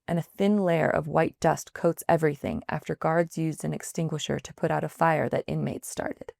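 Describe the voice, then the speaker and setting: A woman reporter reading a written field investigation aloud in a measured, even scripted news narration. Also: deep voice, vocal fry, dry recording, studio quality.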